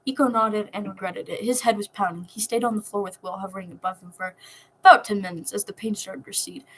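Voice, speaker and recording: A woman reading fan fiction aloud in a soft, emotional manner. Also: mid-range voice, a little hiss or hum, poor audio. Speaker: story reader.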